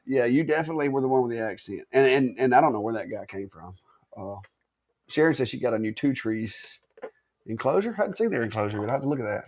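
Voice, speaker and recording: A man's voice: medium pitch, lively intonation, quick pace, darkish tone. A man from Alabama with a Southern accent, co-hosting a casual live stream and telling stories in a chatty, drawling way. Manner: chatty storyteller, drawling, says y'all. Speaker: co-host.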